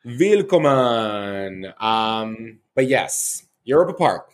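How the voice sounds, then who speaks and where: A man's voice: medium pitch, animated, moderate pace. A man from Canada hosting a podcast, chatting in a casual, enthusiastic way. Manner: chatty and enthusiastic, with many fillers and restarts. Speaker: podcast host.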